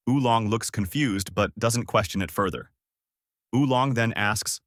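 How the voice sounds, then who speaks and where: A man's voice: lowish voice, normal speed, a bit bright, no echo, clean studio sound. A man reading a fan story aloud as narrator, in plain storytelling.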